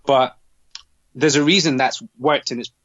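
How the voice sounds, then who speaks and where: A male doctor speaking as a guest in a casual interview, earnest and halting, with many restarts. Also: mid-range voice, fairly even intonation, fairly bright tone, no room sound, dull audio.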